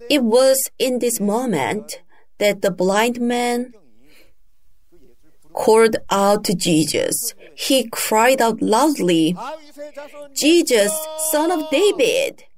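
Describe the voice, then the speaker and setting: A woman preaching a sermon, retelling a Bible story in a deliberate storytelling manner. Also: fairly high pitch. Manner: slow, deliberate storytelling with emphatic raised cries for quoted shouts.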